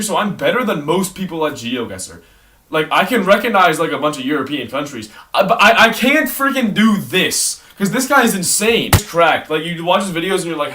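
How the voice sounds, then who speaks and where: A man chatting casually in a rambling monologue, full of "like" and restarts as he ranks his favorite creators. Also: on the high side. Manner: fast, rambling, heavy use of "like", self-corrections. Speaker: vlogger ranking online creators. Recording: distant mic with clear background noise and clicks.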